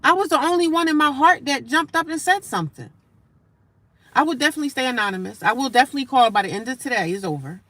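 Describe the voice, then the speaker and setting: A woman livestreaming casual talk from her daily life, animated and emphatic, repeating her points and breaking off to greet passersby. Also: sits high, quick pace, no echo. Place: homeless shelter area.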